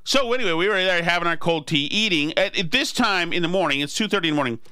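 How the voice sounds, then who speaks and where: A man's voice: high-pitched, expressive, quick pace, pushed and bright, smooth, no room sound. A man in his forties hosting a podcast who tells a story in a rambling, self-deprecating way. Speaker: podcast host. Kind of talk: casual storytelling chat.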